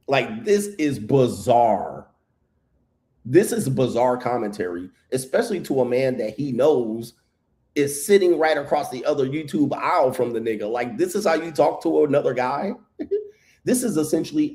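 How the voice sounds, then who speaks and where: An adult man past his first marriage reacts to a video clip with blunt, mocking commentary, swearing freely. His voice is medium in pitch with a warm tone.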